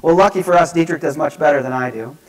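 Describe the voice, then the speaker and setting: A man giving a lecture, telling stories in an animated, self-mocking way that swings between hushed and loud. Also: on the high side, quick pace, low-quality recording. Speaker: speaker at a divinity school lecture. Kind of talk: storytelling lecture. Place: lecture hall.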